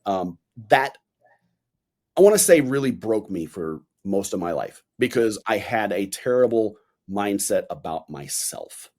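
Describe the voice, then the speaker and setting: A man in his forties, a podcast guest, chatting casually and telling animated stories in which he acts out the voices he quotes. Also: on the low side, measured pace. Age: 40s. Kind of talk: casual interview chat.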